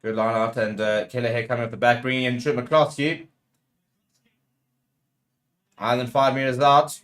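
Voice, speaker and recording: A man's voice: mid-range voice, flat delivery, brisk, a bit bright. A man hosting a rugby watchalong, calling the play live and getting heated with the referee. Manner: partisan play-by-play calls. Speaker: watchalong host.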